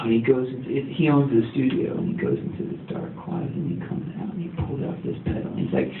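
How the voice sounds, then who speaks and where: A man's voice: medium pitch, lively intonation, quick pace, few pauses. A man talking as a musician guest in a casual interview, rambling and laid-back with lots of fillers. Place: recording studio. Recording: tinny, echoey, distant, faint hiss.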